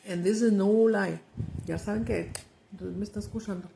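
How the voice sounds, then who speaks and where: Chatty woman, gravelly voice. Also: mid-range voice, fairly even intonation, brisk, dark tone, a little hiss or hum, low-quality recording. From Mexican-American from the United States. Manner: chatty storyteller, switches between English and Spanish. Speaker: mukbang vlogger. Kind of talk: casual chat to camera.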